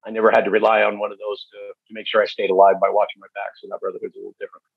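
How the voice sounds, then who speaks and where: A man speaking as a podcast guest, telling stories in a candid, halting way with many fillers. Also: fairly low pitch, level tone, vocal fry, husky, no echo. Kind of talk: storytelling interview. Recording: dull, dry lo-fi recording.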